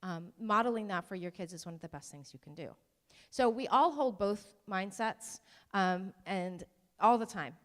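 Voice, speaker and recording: A woman talks to a room of parents in a loose, conversational way, dropping ums and poking fun at herself. Her voice has a middling pitch and sits in a big hall with a long, trailing echo. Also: animated, normal speed. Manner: conversational, with ums and self-deprecating asides. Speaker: presenter at a parent workshop. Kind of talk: informal talk to parents.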